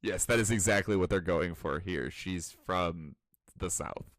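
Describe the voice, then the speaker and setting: Deep-voiced man recapping a manga. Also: measured pace, dry recording, clean studio sound. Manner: animated storytelling, swears casually. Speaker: podcast co-host. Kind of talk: casual chat.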